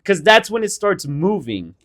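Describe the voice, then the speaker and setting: A young man co-hosts a casual podcast, his voice swinging widely in pitch as he teases and swears. He sounds a little quiet and echoey, as if the mic is set off to one side. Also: a little slow. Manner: animated, profane, mocking. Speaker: podcast co-host. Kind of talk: casual chat.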